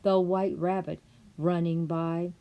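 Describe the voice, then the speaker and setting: An older woman, a grandmother, narrating a storybook tale in a gentle read-aloud manner. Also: lowish voice, flat delivery, slow pace.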